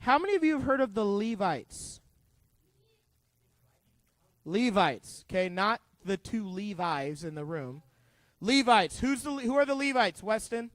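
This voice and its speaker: A man teaching a middle school youth group, retelling a Bible story in an animated, conversational way and asking the kids questions. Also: sits high, a little slow, pauses often, dry recording. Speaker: youth pastor.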